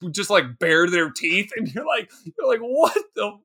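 A high-voiced, excitable man chats about a movie on a podcast, laughing often and tripping over his own restarts. His voice is bright and swings widely in pitch, leaping up into squeals. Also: normal speed, breathy edge. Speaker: podcast co-host. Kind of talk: casual movie chat.

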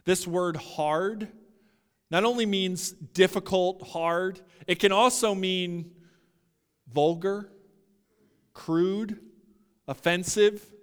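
Guy preaching, kinda high voice, gets loud and punchy, big hall echo. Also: steady tone, extremely slow, long pauses, smooth. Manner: emphatic, building to loud peaks, addresses listeners as guys. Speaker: pastor. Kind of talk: sermon.

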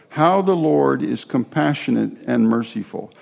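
A male pastor preaches in a relaxed, conversational way, with asides and restarts as he goes. His voice has a gravelly creak. The recording sounds dull and lo-fi. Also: mid-range voice, moderate pace, few pauses. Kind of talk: sermon.

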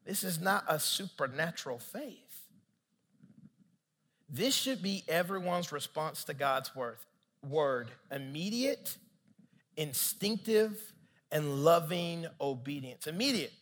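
Man, pastor, sermon, high voice, animated funny storytelling, asides to the congregation. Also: slow pace, pauses often, big-room sound.

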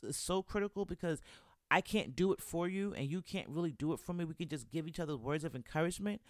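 A young man talks to his listeners in a loose, chatty podcast monologue. His voice sits a little high for a man. The sound is close and dry, and he keeps checking in with his audience as he goes. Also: no echo. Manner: chatty and encouraging, constantly checking in with "right?" and "you know". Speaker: podcast host. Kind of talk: casual solo podcast chat.

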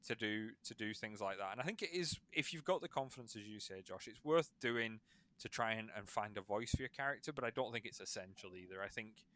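A man hosting a podcast and acting as game master, in a relaxed and rambling casual chat with many fillers. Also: on the low side, fairly quick, dry recording.

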